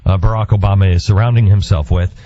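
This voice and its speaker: Halting male radio host, mellow voice. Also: sits low, steady tone, no room sound. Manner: halting, full of fillers and restarts. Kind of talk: radio interview. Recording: dull lo-fi radio broadcast.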